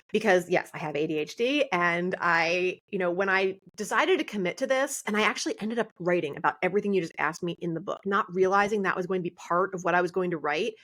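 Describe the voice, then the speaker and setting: A woman in her forties, a podcast guest, telling family stories with many fillers and quick laughs. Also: on the low side, fairly bright tone. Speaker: podcast guest, author and coach. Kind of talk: candid podcast conversation.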